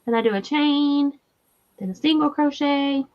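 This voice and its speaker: High-voiced woman hosting a crochet stream. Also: a little slow, darkish tone, lo-fi sound. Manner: chatty, explains step by step. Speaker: crochet channel host. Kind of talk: casual livestream chat.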